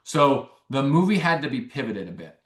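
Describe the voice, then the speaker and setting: A young man, a filmmaker guest, telling a long story in a rambling, animated way with many restarts. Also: medium pitch, moderate pace, reverberant. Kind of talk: casual interview storytelling.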